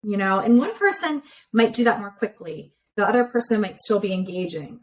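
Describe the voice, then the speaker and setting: A woman relationship therapist, a podcast guest, explains ideas clearly in a conversational interview over a remote call, and she uses many everyday examples. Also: mid-range voice, lively intonation, fairly quick, few pauses, low-quality recording.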